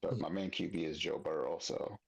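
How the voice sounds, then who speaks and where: A man co-hosting a casual sports chat in a calm, matter-of-fact way. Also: low-pitched, brisk, vocal fry, breathy edge, low-quality recording. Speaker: podcast co-host.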